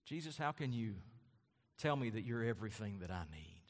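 A man preaching a sermon as pastor, with impassioned delivery that repeats phrases and swells into loud, high-pitched emphasis. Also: lively intonation, a little fast. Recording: long hall reverb.

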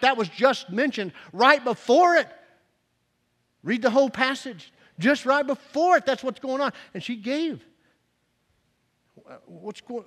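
A man with a high voice preaches a sermon in a church sanctuary, his words ringing with a long reverb. He is animated, tripping over restarts and swinging between loud bursts and soft asides. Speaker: pastor.

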